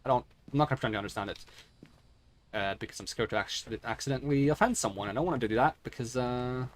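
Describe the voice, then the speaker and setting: A man's voice: mid-range voice, fast, a little hiss or hum. A man streaming a game on a headset, talking casually and stuttering as he corrects himself. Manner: stuttering, self-correcting, rambling. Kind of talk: casual gaming stream talk.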